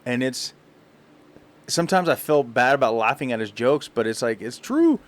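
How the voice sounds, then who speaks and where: Chatting casually as a podcast co-host, this man works through a lengthy story with frequent laughter. He speaks at a moderate pace in a mid-range voice.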